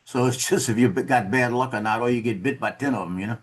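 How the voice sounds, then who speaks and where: A man's voice: medium pitch, quick pace. A man casually telling a story over a video call, rambling and repeating words, laughing at his own tale.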